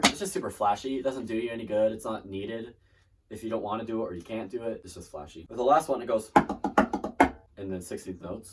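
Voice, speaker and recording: A man giving a casual, chatty drumline lesson, breaking down snare and tenor parts and trailing off mid-demonstration. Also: lowish voice. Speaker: drumline instructor. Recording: distant mic with loud drum music.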